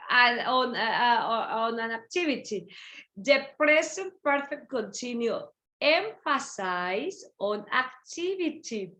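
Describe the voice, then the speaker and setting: A bright, high-voiced woman, an English teacher, gives a grammar lesson online over a video call. She explains things repeatedly and slips back and forth between English and Spanish.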